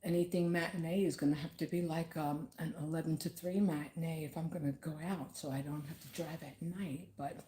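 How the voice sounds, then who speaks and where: A woman vlogging from home, talking casually and haltingly about grief with many fillers. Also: sits low, fairly even intonation, warm tone, echoey room.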